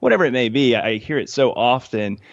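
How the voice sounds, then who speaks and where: Gravelly laid-back male co-host. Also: mid-range voice, lively intonation, brisk, no room sound, dull audio. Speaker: podcast co-host. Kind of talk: casual podcast chat.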